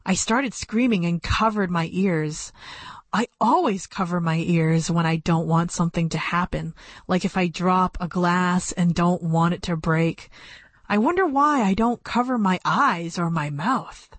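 A woman reads a first-person story for an audiobook, keeping her delivery plain and measured at a close studio mic. Her pitch is fairly low, and there's no room sound.

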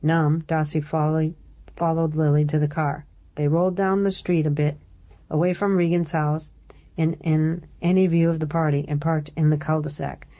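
A woman narrating a novel in a low, mellow voice. She reads the story steadily and gives each character a slight shift in voice. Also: little pitch movement, normal speed. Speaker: audiobook narrator. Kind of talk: scripted narration.

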